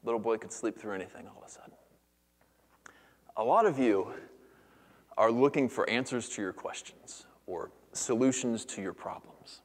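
Pastor with hushed, earnest delivery. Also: male voice, on the low side, moderate pace, pauses often. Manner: earnest, shifts between hushed near-whispers and lively storytelling. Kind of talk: sermon. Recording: long reverb of a church hall.

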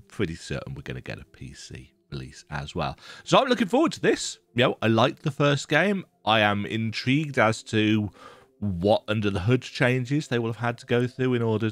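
Stuffy-nosed man, low voice. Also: fairly bright tone, no room sound. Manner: rambling, thinking aloud with restarts. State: stuffy nose from a cold. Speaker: gaming video creator. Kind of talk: casual reaction commentary.

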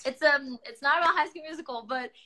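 Young brazilian girl hosting, high bright voice, giggly and fangirly, portuguese is her first language. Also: quick pace. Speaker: show host.

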